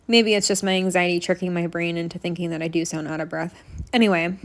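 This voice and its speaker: A woman's voice: on the low side, fairly bright tone. A young woman in a casual home voice-over for her makeup tutorial, chatty and rambling with lots of fillers, sounding slightly out of breath. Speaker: makeup vlogger. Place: home apartment room.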